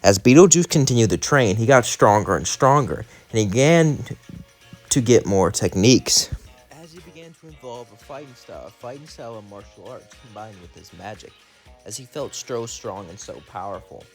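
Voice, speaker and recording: A man's voice: medium pitch, animated, normal speed, soft background music. A young man, the host of his channel, telling a fan-made story in a loose, run-on way, stringing events together with "as" and "would say". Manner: loose run-on narration, many "as" and "would say" links; chatty and rambling in the outro, many fillers. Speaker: channel narrator. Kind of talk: casual fan-fiction storytelling.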